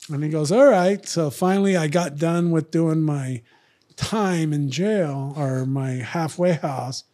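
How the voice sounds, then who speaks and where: Man, storytelling on a podcast, fairly high-pitched, lively, mimics others' voices. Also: slow. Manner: animated, acts out other people's lines in raised voices. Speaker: podcast guest, retired fighter. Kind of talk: storytelling in casual chat.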